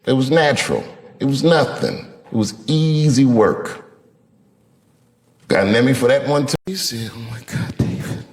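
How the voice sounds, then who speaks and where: A middle-aged man doing a stand-up comedy routine, telling a story with lively acted-out quotes. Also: mid-range voice, measured pace, pauses often. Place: large theater stage. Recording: reverberant hall with crowd noise. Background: audience laughter.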